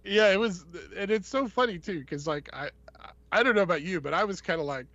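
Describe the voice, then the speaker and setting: A man co-hosting a podcast, telling a story in an animated way and laughing often. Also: high-pitched, fairly quick, dry recording, highs cut off. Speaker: podcast co-host. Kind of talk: casual chat.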